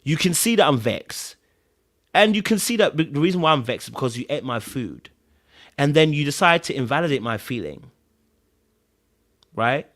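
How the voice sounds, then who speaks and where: A man's voice: fairly high pitch, lively intonation, normal speed, pauses often, fairly bright tone. A man hosting a podcast, giving casual relationship advice to live viewers, stressing key words by repeating them and checking in with his listeners. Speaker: podcast host.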